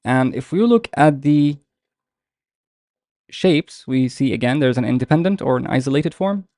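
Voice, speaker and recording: Gravelly-voiced man teaching a patient online class. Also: mid-range voice, expressive, darkish tone, no echo, studio quality. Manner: patient, explains step by step with many pauses. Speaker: Arabic teacher.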